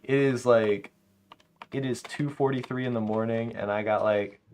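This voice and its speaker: A young man streaming a game late at night, chatting casually to his viewers and telling animated, slangy stories. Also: mid-range voice, normal speed, a little hiss or hum. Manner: animated storytelling, slangy, laughs often. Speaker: live streamer. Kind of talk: casual livestream chat while gaming.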